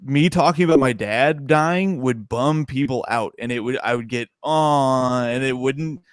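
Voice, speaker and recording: A young man, a stand-up comedian, chatting casually on a podcast, animated and laughing often. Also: medium pitch, measured pace, no echo, studio quality.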